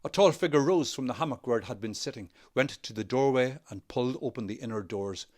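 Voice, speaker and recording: A man with a Northern Irish accent, an actor reading a novel aloud in a measured, expressive way. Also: medium pitch. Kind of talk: literary reading.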